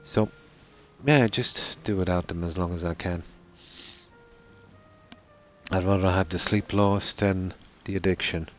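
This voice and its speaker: Low-voiced man streaming a game. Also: steady tone, faint music behind. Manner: rambling and easygoing, with many "you know"s and pauses. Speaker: streamer playing a survival game. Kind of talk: casual live-stream commentary. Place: room at home at night.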